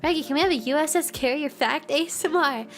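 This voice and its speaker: A woman's voice: high-pitched, quick pace, faint music behind. A young woman hosting a casual livestream chat, bubbly and giggly, with a playful way of talking. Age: young adult. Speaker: streamer host.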